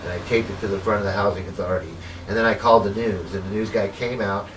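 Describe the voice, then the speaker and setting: Captured by a distant mic with faint background noise, this male activist speaks in a lowish voice with fairly even intonation and a quick pace. In his documentary interview he rambles casually, says "you know" often, and performs the quoted dialogue of others.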